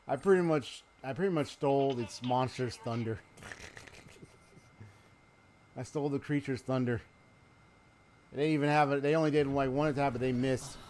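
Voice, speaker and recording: A man giving casual live commentary on a game, excitable and slangy, sometimes reading tutorial text aloud. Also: medium pitch. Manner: excitable, slangy, says bro and dude. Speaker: gaming streamer.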